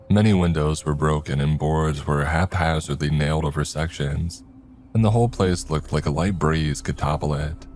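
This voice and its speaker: A man narrating a scripted horror story in a steady, measured way. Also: extremely low pitch, a little hiss or hum. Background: faint music.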